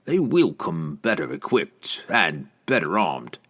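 A man voicing a grim, cunning male assassin in an audiobook, speaking in a low, measured way. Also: big pitch swings, a bit bright, exaggerated voice.

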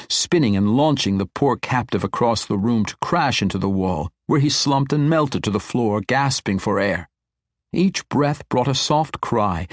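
A man narrating a fantasy audiobook in a steady, measured storytelling manner. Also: medium pitch, dry recording, studio quality.

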